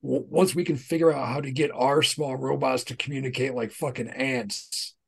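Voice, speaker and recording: A man's voice: medium pitch, fairly even intonation, brisk, creaky, slightly rough. A man co-hosting a podcast, chatting casually and telling profane, rambling stories. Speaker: podcast co-host. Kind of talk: casual chat.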